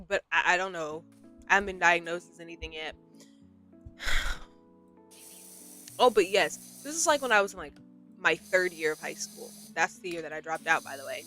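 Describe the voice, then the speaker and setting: Bright-voiced young woman rambling casually. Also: on the low side, lively intonation, moderate pace, long pauses, faint music behind. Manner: rambling, self-deprecating, frequent restarts. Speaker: gaming streamer. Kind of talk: casual rambling chat while playing.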